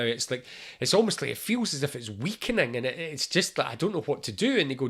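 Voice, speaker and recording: A man's voice: fairly high pitch, sing-song, quick pace, gravelly, a bit bright, slightly rough. A man explaining a mental health idea through a story, acting out short dialogues in a conversational, playful way. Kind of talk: explanatory talk with acted-out dialogue.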